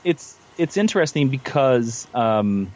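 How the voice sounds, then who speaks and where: A man with an animated, expressive voice chats as a military veteran guest. He thinks aloud as he goes and keeps restarting and repeating words. The recording is lo-fi and muffled. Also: mid-range voice, a little slow. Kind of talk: casual chat.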